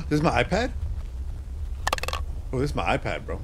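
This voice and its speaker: Excitable man yelping through a game. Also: mid-range voice, brisk, pauses often, slight background noise. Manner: excitable, yelps and laughs, talks to himself. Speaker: horror game streamer. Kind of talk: playing a game aloud.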